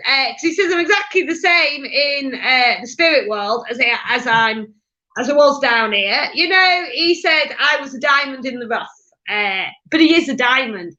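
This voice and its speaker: A woman medium giving a live reading in a halting, chatty way, with many fillers and restarts. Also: sits high, bright, forceful tone, muffled recording.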